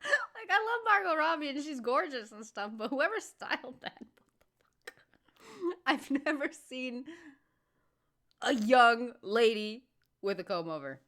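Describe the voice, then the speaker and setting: Reaction host, female, chatty and amused, lively higher voice. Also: measured pace, pauses often. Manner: chatty, amused, thinking aloud. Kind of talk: casual reaction commentary.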